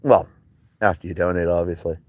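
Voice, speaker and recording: A man's voice: low voice, steady tone, fairly quick, no room sound, rough recording. A man in his thirties from Michigan, streaming live and chatting loosely with viewers. He rambles, jokes sarcastically and swears freely. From Michigan, United States. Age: 30s. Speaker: livestreamer. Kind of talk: casual livestream chat, reading viewer comments.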